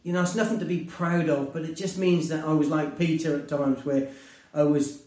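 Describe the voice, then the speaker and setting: A man preaching a sermon and sharing a personal testimony, earnest and conversational, rising to loud emphasis and dropping to hushed tones. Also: a little high, steady tone, moderate pace. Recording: roomy, distant mic.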